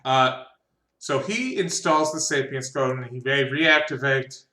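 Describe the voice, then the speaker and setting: A man's voice: medium pitch, unhurried, bright, forceful tone. A man narrating as game master of a tabletop role-playing game, rambling and restarting often. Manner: rambling, full of fillers and restarts. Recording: echoey room.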